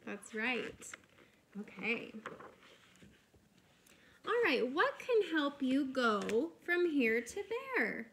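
A woman kindergarten teacher talks through a video lesson for small children, with a fairly high voice. She speaks slowly and clearly, encouraging her young listeners at every step. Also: sing-song, a bit bright, slight background noise.

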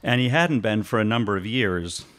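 A man, a longtime family friend, shares a memory at a memorial service in a church, telling it in a steady, reflective way. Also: lowish voice, normal speed. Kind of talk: memorial tribute, sharing a memory.

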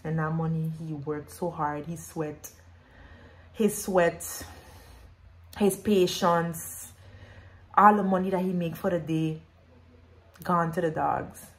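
A woman's voice: low-pitched, fairly even intonation, slow, long pauses. A woman telling an emotional story in her vlog. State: pregnant. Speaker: vlogger.

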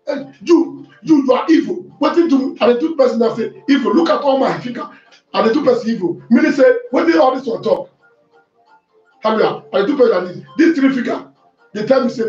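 A Nigerian pastor with a very high voice preaches fervently, breaking into shouts and repeating hallelujah. He sounds distant from the mic in an echoey room, the sound dull, with faint music behind. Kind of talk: sermon.

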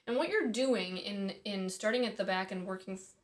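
A woman's voice: mid-range voice, moderate pace. A woman teaching singing in a casual, chatty way, thinking aloud and dropping in small asides as she explains. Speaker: voice and harp teacher. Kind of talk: casual instructional talk.

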